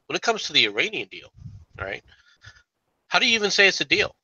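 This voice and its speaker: Man with a really sharp bright voice, argues and lectures, dry close sound. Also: high-pitched, very animated, brisk, husky, no echo, highs cut off. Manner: argumentative, lecturing, fillers like okay. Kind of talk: casual political talk stream.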